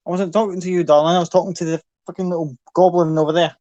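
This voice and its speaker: A man's voice: high-pitched, little pitch movement, very fast, dark tone, dry recording, highs cut off. A man runs a tabletop game with loose, casual narration. He swears freely and keeps things moving. The sound is dry and close. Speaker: game master.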